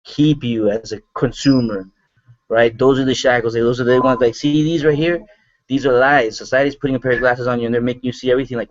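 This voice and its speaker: A man co-hosting an online marketing broadcast, telling a testimonial story in an animated, rambling way and jumping up in pitch when excited. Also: brisk, no echo. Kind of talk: energetic motivational testimonial. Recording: dull lo-fi sound, dry.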